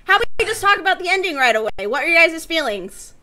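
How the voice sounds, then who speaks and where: A woman's voice: very high-pitched, sing-song, fast, bright, forceful tone. A woman co-hosting a casual manga podcast over a call, chatty and steering the talk. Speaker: podcast co-host.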